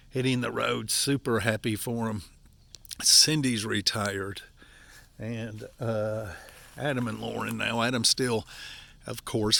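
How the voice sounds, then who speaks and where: A man's voice: on the low side, vocal fry, fairly bright tone. An older man with an Appalachian accent chatting folksily to viewers while working outdoors, out of breath. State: out of breath from physical work. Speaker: vlogger, campground owner. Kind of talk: casual walk-and-talk vlog. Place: outdoors at a wooded campground.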